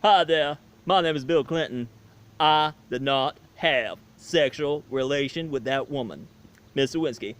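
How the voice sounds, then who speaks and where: A man puts on a slow, drawling president with a smooth, sly manner. The joke is cheeky and home-made. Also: fairly high pitch, close to an everyday voice. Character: male US president impression, smooth denying charmer.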